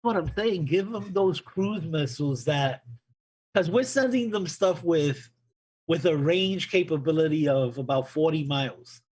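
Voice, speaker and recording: Husky chatty man on talk radio. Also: fairly high pitch, animated, a little slow, darkish tone, rough recording. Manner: chatty, hesitant, wry. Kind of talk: casual political talk.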